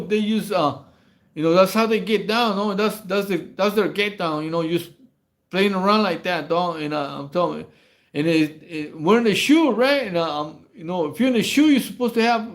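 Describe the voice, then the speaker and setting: Man, high-pitched, rambling and stammering, casual livestream storytelling. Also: normal speed. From Mexico. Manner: rambling, stammering slang-heavy storytelling with frequent laughs. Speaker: livestream host. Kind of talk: casual prison stories on a livestream.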